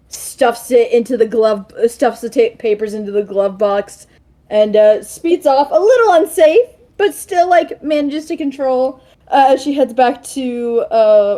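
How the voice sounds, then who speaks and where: Tired woman with a mellow voice. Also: fairly high pitch. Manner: hesitant, filler-heavy. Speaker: player. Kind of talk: describing her character's actions.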